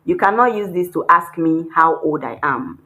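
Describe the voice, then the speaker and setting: A woman's voice: fairly low pitch, animated, normal speed, sharp tone, low-quality recording. A woman teaching a beginner language lesson, repeating words and spelling them out. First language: not Chinese. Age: adult, not a child. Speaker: Chinese teacher. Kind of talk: slow, deliberate language lesson.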